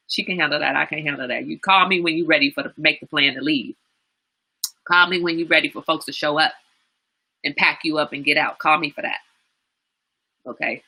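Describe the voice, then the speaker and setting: A woman hosts a live-streamed chat show in an animated, conversational way, reading out viewer comments and laughing between them. Her voice is bright and forward, with a somewhat low pitch for a woman. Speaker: livestream talk show host.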